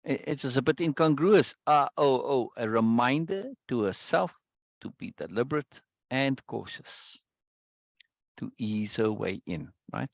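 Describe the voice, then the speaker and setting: A man's voice: mid-range voice, expressive, a little slow, gravelly, no room sound. Man, discussion leader unpacking a text, restless restarts, checks in with "right?", dry and muffled sound. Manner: repeats words, asks "right?" often. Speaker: teacher leading a book discussion. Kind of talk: explaining a text aloud.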